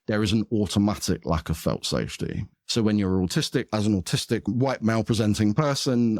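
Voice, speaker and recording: A man speaks as a podcast guest, explaining ideas at length in a thoughtful, conversational way. His voice sits low. The sound is dry and close. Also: darkish tone, dry recording. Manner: thoughtful, explanatory, with occasional laughs. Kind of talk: conversational interview.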